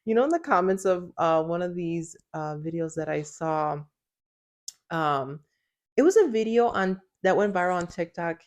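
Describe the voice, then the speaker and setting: Chatty young woman, lowish voice. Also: moderate pace. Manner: chatty, giggly, lots of fillers and "like". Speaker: podcast co-host. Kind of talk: casual chat.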